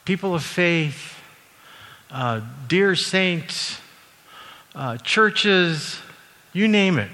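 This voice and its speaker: A middle-aged man from Canada preaching a sermon in a relaxed, conversational way, with frequent fillers and self-corrections. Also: a little high. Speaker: university president and former minister. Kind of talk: sermon with personal anecdotes. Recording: long reverb from a large hall.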